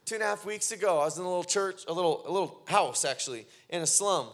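A male pastor delivering a sermon to a congregation. His voice sits high and sounds bright and forceful. He moves from quiet storytelling to fervent, emphatic preaching. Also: animated, fast.

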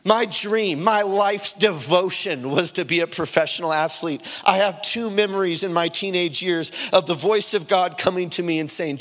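A man's voice: sits high, normal speed, few pauses, a bit bright. A man preaching an impassioned, earnest sermon with personal testimony. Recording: long reverb of a large hall.

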